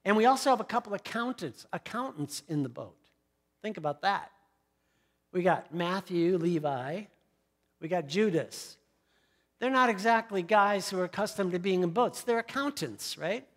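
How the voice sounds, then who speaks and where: High-voiced man preaching a sermon. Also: animated, moderate pace, fairly bright tone. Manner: storytelling, conversational asides to the congregation. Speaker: pastor.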